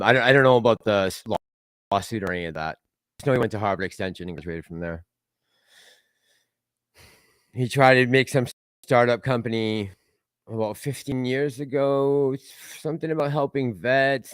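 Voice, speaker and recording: A man's voice: lowish voice, fairly bright tone, clear, resonant tone, no room sound, studio quality. A man hosting a casual livestream, rambling and laughing as he reads out and answers chat messages. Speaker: livestream host reading chat.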